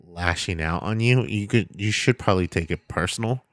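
A man's voice: deep voice, moderate pace, a bit bright, dry recording, studio quality. A young adult man in casual chat who jokes, rambles and swears freely.

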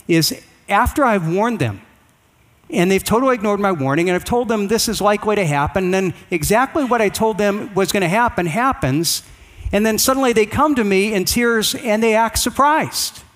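A middle-aged man giving a conversational sermon full of family stories, acting out his children in a raised voice. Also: long reverb tail. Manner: conversational, anecdotal, acts out quoted kids in a higher voice. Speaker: preacher.

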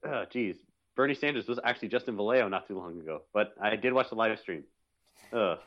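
A man's voice: fairly low pitch, a little fast, muffled recording. A man co-hosting a podcast in casual chat, joking and laid-back. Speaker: podcast co-host.

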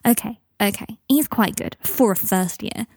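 A cheeky, boastful schoolboy, played by a woman in a storybook reading. He talks brightly and teasingly. The voice is mellow and the recording is dry. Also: mid-range voice, normal speed, gravelly, breathy edge, no echo.

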